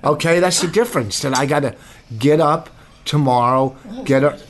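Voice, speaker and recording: A man's voice: fairly high pitch, normal speed. A middle-aged man co-hosting a podcast, chatting casually in a dry, teasing, long-suffering way. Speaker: podcast co-host, comedian. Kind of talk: casual bickering chat.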